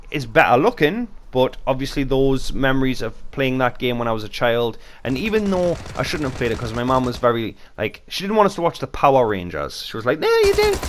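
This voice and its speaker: British guy rambling thru a viewer q and a, chatty and off the cuff, mid pitched. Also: animated, brisk, a little hiss or hum. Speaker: YouTube channel host. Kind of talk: casual Q and A vlog.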